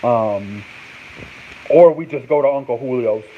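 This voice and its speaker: A man's voice: mid-range voice, measured pace. Rambling, foul-mouthed man on a tinny line. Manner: rambling, profane, sounds out words over and over. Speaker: host of a sports talk show. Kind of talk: casual live-stream chat. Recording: tinny phone-like sound with faint noise.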